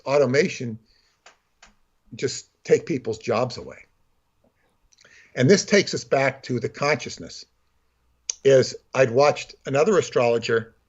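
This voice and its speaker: Rambling husky man on a call. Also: mid-range voice, a little mellow, muffled recording. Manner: rambling, full of fillers and restarts, acts out voices. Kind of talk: casual call-in chat.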